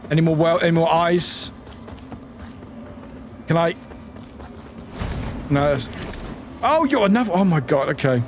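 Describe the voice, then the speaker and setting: Excitable British streamer, lively pitch swings. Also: male voice, measured pace, pauses often, faint music behind. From United Kingdom. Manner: excitable, exclaiming and repeating itself. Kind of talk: live gameplay commentary. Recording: noisy stream audio.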